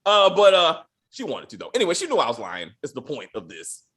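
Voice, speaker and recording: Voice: medium pitch, wildly swooping pitch, fairly quick, fairly bright tone. A podcast host ranting casually and with a lot of profanity while reviewing a TV episode. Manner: profane, exasperated ranting with acted-out quotes.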